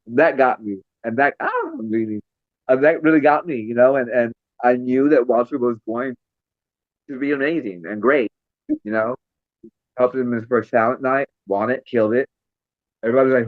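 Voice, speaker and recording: Animated man telling stories, dry lo-fi sound. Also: mid-range voice, moderate pace, long pauses, no room sound. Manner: animated, acts out quoted voices, laughs often. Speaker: interview guest, makeup artist and female illusionist. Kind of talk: storytelling interview. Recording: dry, slightly dull lo-fi recording.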